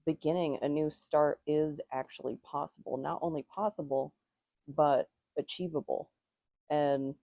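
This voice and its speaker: A woman's voice: low-pitched, warm tone, dry recording. A woman giving a casual tarot reading in a musing, meandering way, her nose slightly stuffy. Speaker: tarot reader.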